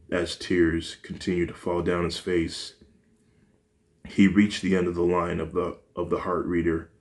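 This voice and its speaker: A man narrating an amateur fan story in a very deep, slow voice. His reading is halting, with restarts, and his pitch stays flat and monotone throughout.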